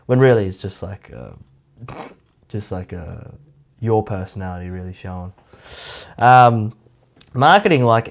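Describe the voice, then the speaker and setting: A man giving a casual, rambling commentary, full of "like" and mocking asides. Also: mid-range voice. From Australia. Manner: rambling, heavy use of "like", mocking. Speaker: YouTube commentator.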